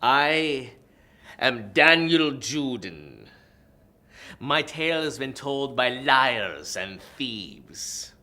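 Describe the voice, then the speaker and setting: A man's voice: mid-range voice, lively intonation, bright, forceful tone, exaggerated voice. A man hamming up a brooding vampire. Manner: slow, grandiose, dramatic pauses. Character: brooding vampire, male, theatrical and mournful. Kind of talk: overwrought stage reading.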